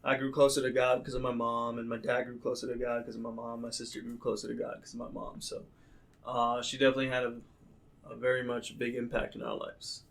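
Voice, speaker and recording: A man's voice: mid-range voice, level tone, fast, vocal fry, a bit bright. Easygoing man guest. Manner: easygoing, laughs often. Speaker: podcast guest, sprint coach. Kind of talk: casual interview chat.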